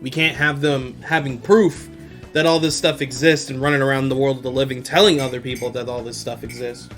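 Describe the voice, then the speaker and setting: A man's voice: medium pitch, flat delivery, a little fast, a bit bright, faint music behind, natural voice. A man voicing a chatty female spirit guide who explains things casually. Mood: explaining.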